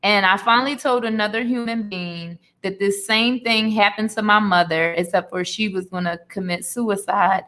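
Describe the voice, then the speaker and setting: Bright, earnest woman telling her story. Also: medium pitch, normal speed, few pauses. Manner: earnest, emotional storytelling with faith language. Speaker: interview guest, author. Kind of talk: candid personal testimony.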